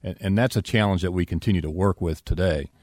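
A man with a very low voice answers on a panel. He pauses often with fillers as he explains. The recording is dry and close. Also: darkish tone, no echo. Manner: hesitant, many fillers. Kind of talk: panel discussion.

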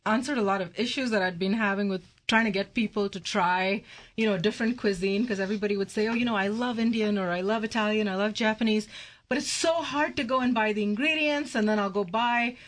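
A woman's voice: medium pitch, fast talker. A woman guest chef on a talk show, explaining enthusiastically with everyday examples. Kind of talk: casual talk-show chat.

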